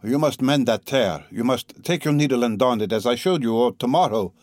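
A man's voice: medium pitch, normal speed, dry recording, clean studio sound, natural voice. A man voicing a proud, distraught consumptive mother who talks fretfully and breathlessly. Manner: breathless, fretful and rambling, broken by coughs.

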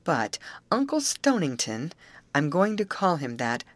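A woman voicing a quiet, shy teenage girl who speaks gently and hesitantly. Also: deep voice, sing-song, measured pace, no echo.

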